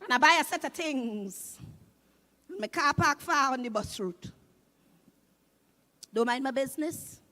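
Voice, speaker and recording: A woman in her fifties with a Trinidadian accent, doing loud, animated stand-up comedy on a live stage. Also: high-pitched, measured pace, pauses often. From Trinidad and Tobago. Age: 50s. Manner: loud, animated, shouting punchlines.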